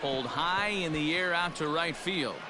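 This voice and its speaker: A man voicing a video game's play-by-play announcer, calling the action in brisk, lively baseball commentary. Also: on the high side, background noise, natural voice.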